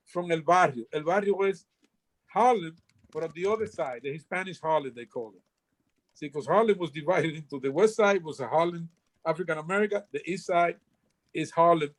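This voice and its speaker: A man's voice: on the high side, rough recording. An older man from the Republic, telling stories as an interview guest and often restarting his sentences. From Dominican Republic. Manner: rambling, frequent restarts and repeated words. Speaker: guest storyteller. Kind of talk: casual storytelling interview.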